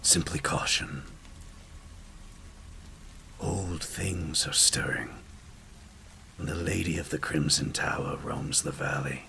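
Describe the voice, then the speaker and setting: A man's voice: slow pace, vocal fry, pauses often, a little hiss or hum, heavily acted. A man doing an ominous whispering stranger. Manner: low hushed ominous whisper. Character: mysterious male stranger on a bridge, hat brim dripping.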